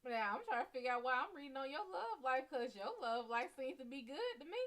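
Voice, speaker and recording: A woman's voice: sits high, lively intonation, a little fast, fairly bright tone. A woman giving casual live-stream psychic readings, slangy and playful, laughing often and calling viewers "sugar". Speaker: psychic card reader.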